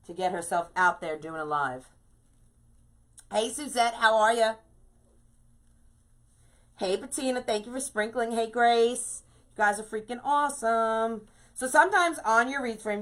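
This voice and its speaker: A woman's voice: fairly high pitch, fairly bright tone. A woman from New York hosting a live craft stream, chatting bubbly and casual and greeting viewers by name.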